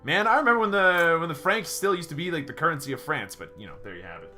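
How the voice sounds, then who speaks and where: Brief: male let's-play host, casual, joking, animated intonation. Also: fairly high pitch, fast. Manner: wry, joking asides. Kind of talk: casual game commentary. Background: faint game music.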